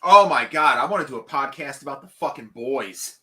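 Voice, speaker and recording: A young man co-hosting a podcast in loud, profane, playful chat that swings between shouting and mumbling. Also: mid-range voice, lively intonation, brisk, slight background noise. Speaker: podcast co-host. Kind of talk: casual chat.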